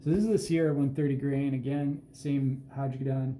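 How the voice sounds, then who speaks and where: A man giving an unhurried, plain-spoken walkthrough at an indoor reloading bench, with self-deprecating asides. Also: mid-range voice, steady tone, dark tone, a little hiss or hum. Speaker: host showing his hand loads. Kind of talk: casual hands-on explanation. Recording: roomy echo with faint ambience.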